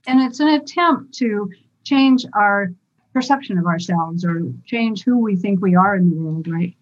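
A woman coach talks calmly through her advice as a guest, patient and reassuring. Her voice sits at a middle pitch. The recording sounds a little dull and lo-fi. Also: measured pace. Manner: calm, explanatory, reassuring. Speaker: stage fright coach. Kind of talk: guest interview explanation.

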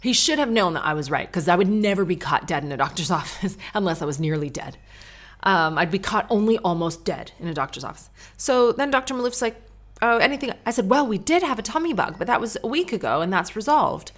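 A woman's voice: medium pitch, big pitch swings, fairly quick. A woman in her thirties hosting a casual solo podcast from her studio, talking bluntly and chattily, with swearing and quoted asides. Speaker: podcast host. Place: podcast studio with the doors open.

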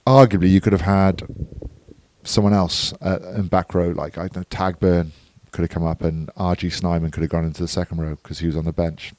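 A man's voice: sits low, little pitch movement, fairly quick, a little mellow, dry recording. A man co-hosting a podcast, giving a matter-of-fact, analytical match recap in casual chat. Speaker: podcast co-host.

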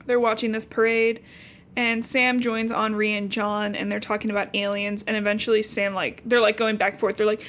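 A woman from Cincinnati co-hosting a podcast, casually recapping a book with lively, profane asides. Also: mid-range voice, moderate pace. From Cincinnati, USA. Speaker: podcast co-host.

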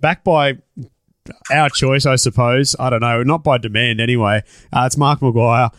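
A man's voice: mid-range voice, fairly even intonation, normal speed, fairly bright tone, dry recording. A man with an Australian accent hosting a podcast, laid-back and laughing often, swearing casually. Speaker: podcast host.

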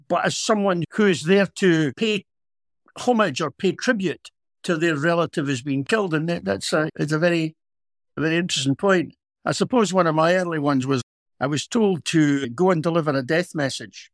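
A middle-aged Scottish man, a former police officer co-hosting a podcast, telling a story in a measured, reflective way. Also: on the high side, no echo, studio quality. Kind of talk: casual storytelling.

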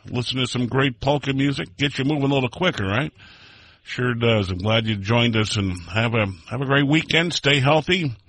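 A man's voice: mid-range voice, moderate pace, a bit bright, no room sound. A man hosts a polka radio show in a casual, rambling way and sends friendly greetings to his listeners. His voice sits in a middle range for a man. The studio sound is dry and close. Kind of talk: casual radio chat with listener shout-outs.

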